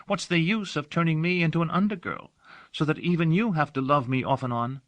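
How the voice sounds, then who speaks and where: A man's voice: a little high, a little fast, a bit bright, dry recording, voice pushed up, natural voice. A man reading an audiobook, voicing a devoted young female servant who talks earnestly and dotingly. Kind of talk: audiobook character voice.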